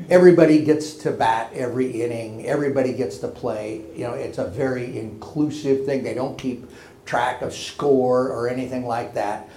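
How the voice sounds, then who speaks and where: A man telling a folksy personal story, with gentle chuckles and hushed tender moments. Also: medium pitch, echoey room, a little hiss or hum. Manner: folksy and warm, drops to a hush for tender moments. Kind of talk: personal anecdote told to listeners.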